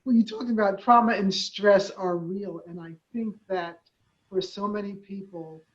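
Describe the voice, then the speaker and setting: A woman's voice: mid-range voice, steady tone, a little slow. A woman hosting a conversational interview, talking in a rambling way with many fillers and restarts. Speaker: host, nonprofit head. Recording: dull, lo-fi sound.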